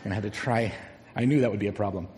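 Mellow-voiced preacher in a reverberant hall. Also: male voice, on the low side, slight background noise. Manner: storytelling, slowing down to stress key words. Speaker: pastor. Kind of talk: sermon.

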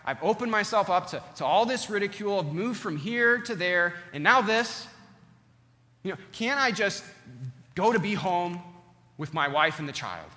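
A preacher putting on a weary, complaining Joseph. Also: male voice, high voice, lively intonation, moderate pace, pushed and bright, pitched above the performer's own voice. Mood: exasperated. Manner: exasperated, pleading. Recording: long hall reverb.

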